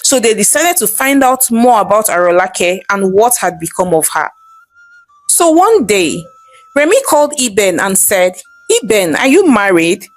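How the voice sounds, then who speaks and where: A woman's voice: medium pitch, normal speed, no echo, faint music behind. Nigerian woman telling a folktale. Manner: lively, chatty narration. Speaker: storyteller. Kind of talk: storytelling narration.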